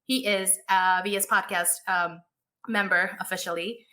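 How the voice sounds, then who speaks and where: A young woman co-hosting a podcast, talking in a casual, excited, chatty way and laughing often. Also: medium pitch, moderate pace. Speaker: podcast co-host.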